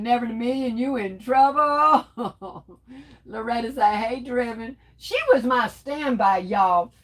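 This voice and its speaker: A woman's voice: a little high, low-quality recording. A middle-aged woman hosting a casual livestream, reading viewer comments aloud and chatting back with them in a teasing way. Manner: chatty and teasing, addresses viewers as y'all, laughs often. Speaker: livestream host.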